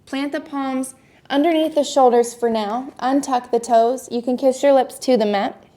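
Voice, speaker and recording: A young adult woman teaching a gentle yoga class, giving calm, encouraging step-by-step cues. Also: high-pitched, moderate pace. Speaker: yoga instructor.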